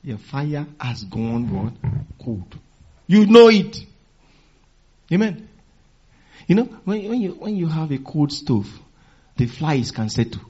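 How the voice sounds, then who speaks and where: A man preaching a sermon in a call-and-response manner, repeating phrases for emphasis and swinging between loud exhortation and quiet teaching. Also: a little high, sing-song, slow pace, long pauses, slightly rough, lo-fi sound.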